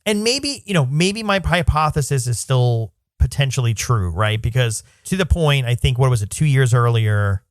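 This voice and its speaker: A man's voice: mid-range voice, lively intonation, normal speed, hardly any pauses, no room sound, studio quality. A man co-hosting a podcast in casual chat, thoughtful and rambling as he thinks aloud. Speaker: podcast co-host.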